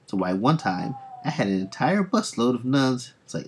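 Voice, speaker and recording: A man's voice: medium pitch, very animated, moderate pace, hardly any pauses, husky. A young man casually commenting while reading comics aloud on a live stream, retelling panels in a chatty way.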